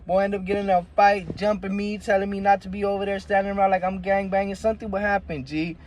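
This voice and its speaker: A man talks fast in a level, slightly mellow voice, telling a story from his life in casual, slangy, profane language and often calling the listener "G" and "bro." When quoting people, he acts out their voices in a much higher pitch.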